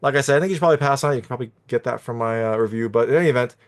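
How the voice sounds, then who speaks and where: A man's voice: medium pitch, racing. A man talking casually as a film reviewer, recapping a plot in a chatty, meandering way with many fillers. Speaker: movie reviewer.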